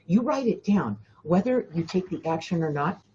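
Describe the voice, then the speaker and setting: A woman's voice: lowish voice, animated, normal speed, dark tone, lo-fi sound. Emphatic woman giving spiritual coaching. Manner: emphatic, repeats herself, addresses listeners directly. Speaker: spiritual teacher and host. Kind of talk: casual spiritual coaching talk.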